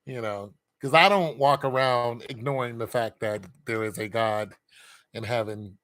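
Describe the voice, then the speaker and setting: A man's voice: medium pitch, unhurried, a bit bright. A man speaking in a casual monologue, rambling and candid, joking about himself and laughing often.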